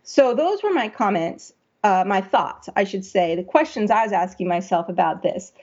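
A woman's voice: medium pitch, expressive, moderate pace, darkish tone, husky, highs cut off. A woman giving a conversational critique of a story draft, thinking aloud and asking herself questions as she works. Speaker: writing editor.

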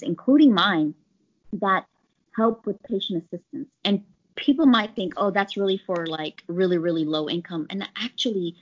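A woman's voice: medium pitch, husky. Chatty woman telling work stories. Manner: chatty, animated retelling with quoted voices. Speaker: pharmaceutical sales rep. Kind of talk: conversational interview storytelling. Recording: slightly dull lo-fi audio.

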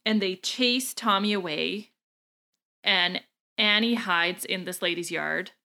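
A woman in a casual podcast chat, retelling a story in an animated way, acting out quotes and laughing often. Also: mid-range voice, slow pace, vocal fry.

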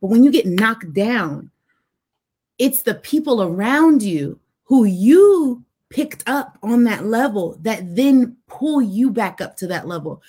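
A woman's voice: fairly high pitch, lively intonation, slow, mellow, breathy edge. A woman guest telling a personal story with animation, acting out voices and dialogue as she goes.

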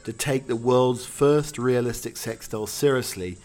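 Rambling host, jokey tone. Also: male voice, mid-range voice, a little slow, darkish tone, soft background music. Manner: rambling, jokey, filler-heavy. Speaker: podcast host. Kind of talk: casual solo commentary.

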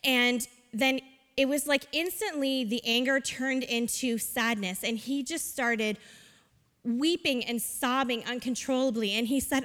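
A woman with a high, bright voice speaks at church about her work with children. She tells her story earnestly, leaning on ums and likes. Her voice rings with a long hall reverb. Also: animated, a little slow. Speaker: children's ministry leader. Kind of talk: church testimony talk.

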